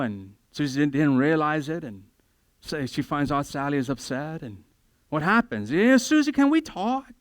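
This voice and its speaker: A man preaches a sermon with a clear, smooth, high-pitched voice. He is animated and humorous, slipping into quick voices to act out everyday conversations. The sound is close and dry. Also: no room sound. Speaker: pastor. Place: church.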